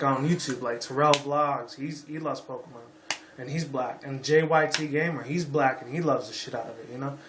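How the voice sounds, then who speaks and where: Here a YouTuber in his twenties from Las Vegas goes on a rambling, profane vlog rant, returning to "you know" repeatedly. He has a slightly high, somewhat bright voice, and the recording is reverberant with slight background noise.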